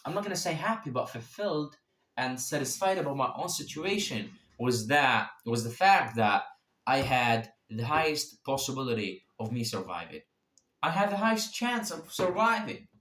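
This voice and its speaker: A young man tells his own story in a loose, profane way. His voice jumps high and loud, then sinks. He has a mid-range pitch, and the room echoes around him. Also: moderate pace. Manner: profane, animated, sudden swings in pitch and loudness. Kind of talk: casual spoken storytelling.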